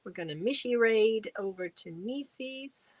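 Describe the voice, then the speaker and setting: A woman's voice: a little high, lively intonation, a little slow, no room sound. A middle-aged woman hosting a casual livestream, chatting away and reading out and answering viewer comments. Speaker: livestream host. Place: home crafting space.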